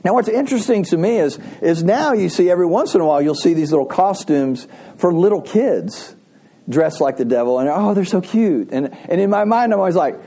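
A man's voice: high voice, expressive, a little fast, warm tone, slightly rough. A man preaching a sermon, telling a folksy joke and asking the congregation questions. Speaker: pastor.

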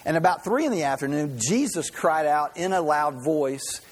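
A man's voice: fairly high pitch, animated, moderate pace, slightly rough. A male pastor giving a conversational sermon, telling stories in a folksy way and often restarting his sentences. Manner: folksy storytelling with frequent restarts.

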